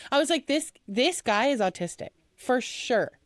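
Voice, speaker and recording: A woman in her thirties chatting on a podcast. Her voice is fairly high and swoops all over. She laughs often and acts out what people said, and the sound is close and dry. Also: animated, normal speed, no echo. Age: 30s. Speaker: podcast co-host. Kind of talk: casual chat.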